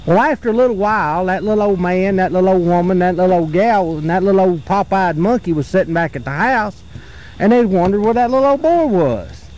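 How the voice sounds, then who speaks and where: A man telling a repetitive folk tale around a campfire outdoors, in a folksy, drawn-out way. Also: sits high, a little mellow, poor audio. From North Carolina. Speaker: storyteller.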